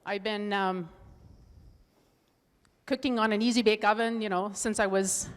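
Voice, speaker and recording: A woman's voice: mid-range voice, steady tone, a little slow, clean tone. A middle-aged woman, a holistic nutrition coach, giving a presentation talk with a candid, earnest personal story and frequent restarts. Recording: long hall reverb.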